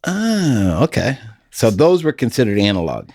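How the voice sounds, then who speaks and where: A man's voice: medium pitch, wildly swooping pitch, moderate pace, a little mellow, no room sound, studio quality. A middle-aged man hosting a podcast, telling stories in a folksy, casual way and laughing often. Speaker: podcast host.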